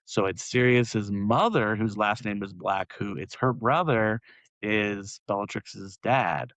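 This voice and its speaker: A man's voice: lowish voice, slow pace, a bit bright, no echo, rough recording. A man co-hosting a podcast, chatting casually and rambling with many fillers and laughs. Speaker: podcast co-host. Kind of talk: casual chat.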